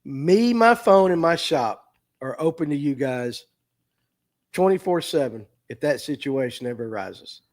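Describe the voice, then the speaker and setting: Nearly in tears, a middle-aged man who runs a tackle shop in the US South repeats himself as he talks earnestly on a livestream. His slightly high voice is expressive and paced with care. It's casual, heartfelt talk picked up by a streaming mic.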